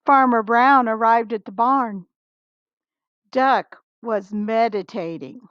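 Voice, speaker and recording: Woman, storybook read-aloud, slow unhurried pace, dry dull lo-fi sound, expressive. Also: on the high side, no echo. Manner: expressive, talks to young listeners between pages. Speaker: storybook reader. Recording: dull lo-fi recording.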